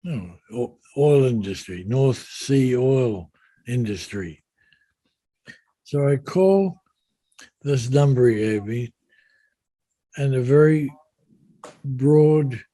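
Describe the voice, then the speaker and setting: An older man, a yacht designer, telling an anecdote in an unhurried conversational way. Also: mid-range voice, mellow, no room sound. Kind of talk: storytelling in conversation.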